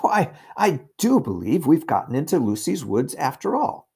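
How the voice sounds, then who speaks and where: A man's voice: on the high side, sing-song, moderate pace, creaky, darkish tone, breathy edge, voice pushed up, heavily acted. A man reading aloud and voicing a confident eldest brother with hearty, old-fashioned schoolboy talk. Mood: earnest.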